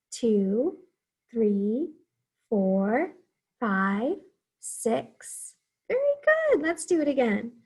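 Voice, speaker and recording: A woman's voice: fairly high pitch, darkish tone, slightly rough. A young woman teaching a math lesson to small children, counting aloud in an encouraging, sing-song way.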